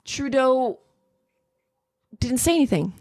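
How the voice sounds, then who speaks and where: A woman's voice: sits high, animated, slow, darkish tone, no echo, clean studio sound. A woman co-hosting a casual political talk podcast, chatty and self-deprecating as she reads out quotes. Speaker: podcast co-host.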